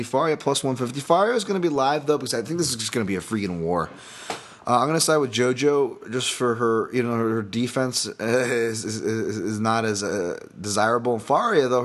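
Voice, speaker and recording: A man's voice: medium pitch, a little fast. A man hosting a casual solo podcast, breaking down fights in a rambling, self-deprecating way with many fillers and restarts. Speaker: podcast host, fight analyst.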